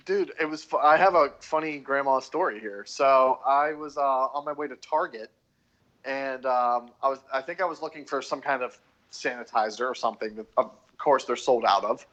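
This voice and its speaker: A man's voice: mid-range voice, moderate pace, a bit bright, highs cut off. A man co-hosting a podcast in casual chat, telling jokey, profane stories. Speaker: podcast co-host.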